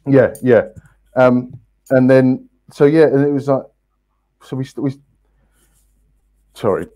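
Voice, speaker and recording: Halting man with a mellow voice. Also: mid-range voice, rough recording. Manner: halting, many restarts and fillers. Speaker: guest, company co-founder. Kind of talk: casual podcast interview.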